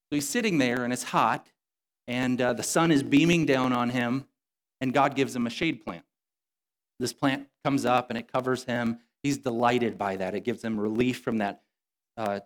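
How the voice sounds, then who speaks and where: A man preaching a sermon with a mid-range voice, easygoing and conversational. He slips into casual quoted lines as he retells a story, then returns to his point. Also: medium pitch. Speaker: pastor.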